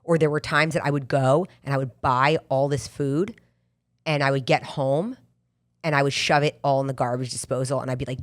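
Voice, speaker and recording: Emphatic lower-voiced woman podcaster. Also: normal speed. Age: middle-aged. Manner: emphatic, repetitive, self-mocking quotes. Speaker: podcast host. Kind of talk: candid motivational monologue.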